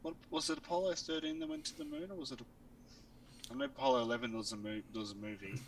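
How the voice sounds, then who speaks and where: Co-host, man, gravelly and bright, lively pitch, a bit distant with faint room noise. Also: fast talker. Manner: short, laughing interjections. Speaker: podcast co-host. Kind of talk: casual chat.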